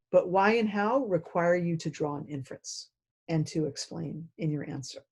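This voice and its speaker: A woman's voice: lowish voice, warm tone. A woman training teachers in a self-paced video lesson, explaining in a direct, conversational way.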